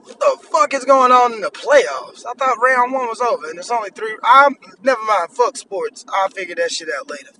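A man's voice: high voice, expressive, normal speed, few pauses, bright, forceful tone, a little hiss or hum, low-quality recording. A man in his thirties hosting a podcast, ranting bluntly and profanely in an annoyed tone. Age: 30s. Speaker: podcast host. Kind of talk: solo podcast rant.

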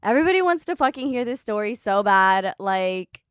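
A woman co-hosting a casual podcast, telling stories with swearing and lively energy. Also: medium pitch, moderate pace, clear, resonant tone, no echo, clean studio sound. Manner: animated, profane anecdote telling. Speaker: podcast co-host. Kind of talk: casual chat.

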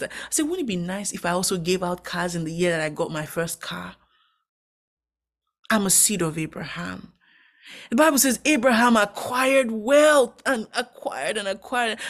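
Animated young woman giving a devotional talk. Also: mid-range voice. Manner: animated, exclamatory, with praise interjections. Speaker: devotional speaker. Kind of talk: casual devotional sermon.

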